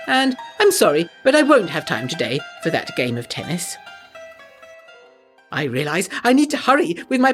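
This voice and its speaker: A woman narrating a letter as a proper young lady scholar in a brisk, slightly anxious way. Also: medium pitch, natural voice.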